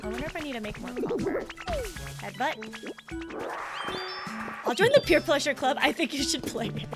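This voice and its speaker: A woman's voice: high voice, big pitch swings, moderate pace. A young woman streaming a video game, chatting with viewers, answering chat and laughing often. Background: loud game music.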